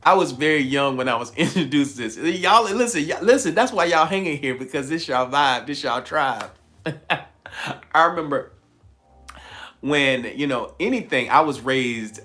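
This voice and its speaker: A man's voice: on the high side, animated, normal speed, pushed and bright. A man from the American South with a Southern accent, giving a live motivational talk, repeating key lines for emphasis and laughing often. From Southern United States. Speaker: motivational spiritual speaker.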